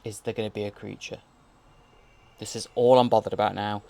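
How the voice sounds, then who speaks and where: A man's voice: fairly low pitch, little pitch movement, brisk, gravelly, dark tone. A man, the host, giving a rambling, jokey audio commentary while watching a TV episode.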